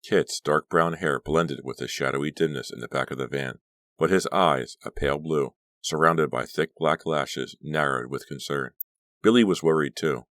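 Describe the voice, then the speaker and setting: A man narrating a suspense audiobook with measured, dramatic storytelling. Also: very deep voice, fairly bright tone, no echo, clean studio sound. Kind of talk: scripted narration.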